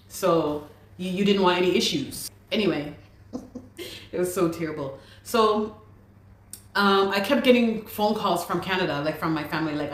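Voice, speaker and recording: Woman guest, low-ish voice, animated exasperated storyteller, echoey room. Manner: animated, exasperated, quotes people in lively voices. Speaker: guest telling her story. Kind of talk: casual storytelling.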